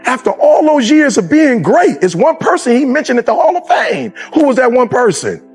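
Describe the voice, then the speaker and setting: A man giving a motivational speech in a preacher's style, moving from low, quiet stretches to loud shouted peaks. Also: very animated, moderate pace, slightly rough, faint music behind. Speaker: motivational speaker.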